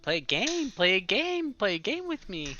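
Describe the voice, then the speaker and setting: A man's voice: high voice, sing-song, normal speed, bright, forceful tone, pitched above the performer's own voice, heavily acted. A man voicing a giggly, mischievous female fairy who poses riddles in a gleeful singsong. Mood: teasing. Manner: gleeful, repeats her words in a singsong. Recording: dull lo-fi audio, faint music.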